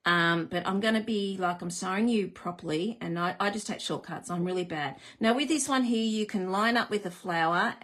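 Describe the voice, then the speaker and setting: A woman's voice: mid-range voice, moderate pace, hardly any pauses, a bit bright. A woman hosting a live card-making demonstration, chatty and self-deprecating, greeting viewers as she works. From Australia.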